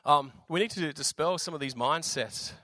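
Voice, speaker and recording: A man with an Australian accent and a slightly raspy voice, preaching a sermon in a relaxed, jokey way with lots of fillers. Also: on the high side, moderate pace, dry recording. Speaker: visiting preacher.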